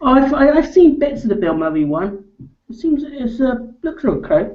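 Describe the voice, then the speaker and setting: A woman's voice: high voice, very animated, moderate pace, lo-fi sound. A woman co-hosting a casual live chat, asking chatty questions with hesitant fillers. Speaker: co-host.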